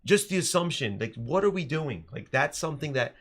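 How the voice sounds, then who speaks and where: A man in his thirties, a teacher co-hosting a casual podcast, telling stories in an animated way with frequent restarts. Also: on the high side, a little fast, breathy edge.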